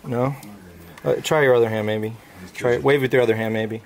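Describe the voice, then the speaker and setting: A man calmly and patiently walking someone through a gadget demonstration. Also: mid-range voice, a little fast, slight background noise. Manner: calm, patient, coaxing instructions. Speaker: guest showing a gadget. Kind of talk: casual demonstration.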